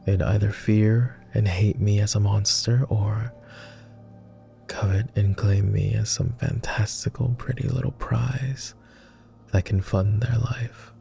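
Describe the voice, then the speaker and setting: A man voicing a jaded, tender immortal vampire in a whispered role-play, with a posh British accent and a slow, gentle, teasing manner. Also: steady tone, soft background music, full character voice. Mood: wistful. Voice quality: low, gravelly and soft.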